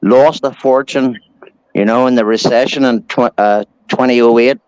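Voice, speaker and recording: A man's voice: mid-range voice, fairly even intonation, normal speed, a little mellow, clear, resonant tone, no echo, rough recording. A man in his forties from Ireland with an Irish accent, chatting casually as a guest, rambling through stories and swearing now and then. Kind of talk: casual chat.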